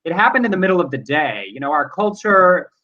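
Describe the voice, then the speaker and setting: A man's voice: high voice, animated, brisk, pushed and bright. Earnest male co-host, muffled audio. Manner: earnest, reflective. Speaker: talk show co-host. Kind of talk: casual news chat.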